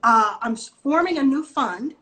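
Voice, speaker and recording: A woman from the Southern US with a Southern accent, an investor giving direct, animated advice on a video call and acting out quotes from people. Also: high-pitched, moderate pace, low-quality recording. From Southern US (Texas and Mississippi). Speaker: venture capital investor, guest. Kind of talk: casual video-call interview.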